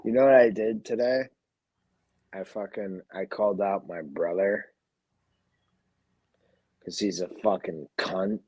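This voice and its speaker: A man's voice: low-pitched, steady tone, takes it slowly, long pauses, warm tone, slightly rough, no room sound, low-quality recording. A drunk man telling a rambling, profane story in casual livestream chat.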